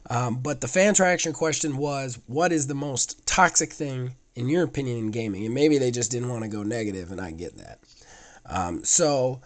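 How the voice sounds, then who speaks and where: Hoarse, raspy man hosting a podcast. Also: medium pitch, moderate pace. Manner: rambling, swears casually. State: hoarse, sick voice. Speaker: podcast host. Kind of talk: casual gaming podcast chat.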